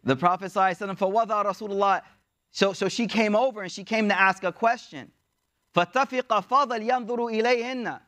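A man preaching a story sermon in a casual, slangy way, moving between hushed, soft passages and excited bursts. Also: high-pitched. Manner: casual slangy preaching, recites Arabic verses quickly.

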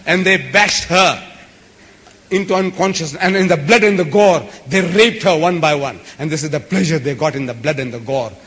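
A man's voice: on the high side, moderate pace, fairly bright tone. A man giving an impassioned public lecture, speaking emphatically and stacking long repeated lists. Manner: emphatic, repetitive, building lists. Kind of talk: impassioned lecture to a live audience. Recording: echoey hall.

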